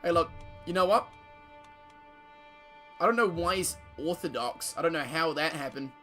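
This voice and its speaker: A man with a slightly higher voice gives loose, profane commentary over a strategy game, joking to his viewers and reading events aloud. Faint game music plays softly behind him. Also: normal speed. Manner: casual, profane, joking banter with frequent laughter. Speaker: streamer. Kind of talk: gameplay commentary.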